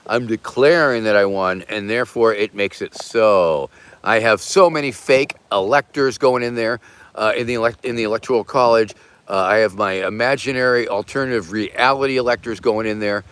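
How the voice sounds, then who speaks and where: An older man hosting a casual livestream, reading viewer messages with deadpan absurd jokes and bursts of loud begging for donations. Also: lowish voice, moderate pace, clear, resonant tone, no echo. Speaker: livestream host reading super chats.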